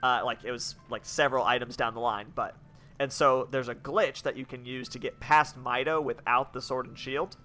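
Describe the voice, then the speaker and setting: A man's voice: medium pitch, steady tone, normal speed, bright, forceful tone, soft background music. A young man chatting casually as he plays a game, rambling with lots of restarts. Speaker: game streamer. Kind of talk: casual let's-play commentary.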